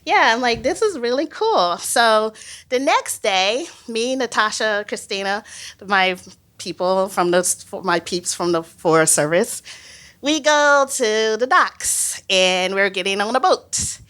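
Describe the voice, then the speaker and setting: A woman biologist telling a personal story on stage, animated and self-mocking, laughing often. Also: medium pitch, slow pace.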